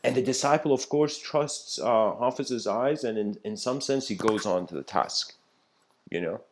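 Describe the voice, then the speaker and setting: A man's voice: mid-range voice, moderate pace. A man giving a spiritual talk, retelling an old story in a loose, conversational way with many fillers and restarts.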